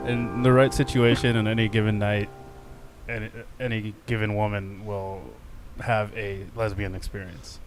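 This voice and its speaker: A man's voice: fairly low pitch, level tone, moderate pace, music in the background. A man co-hosting a casual podcast, dropping dry, teasing quips. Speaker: podcast co-host. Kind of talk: casual chat.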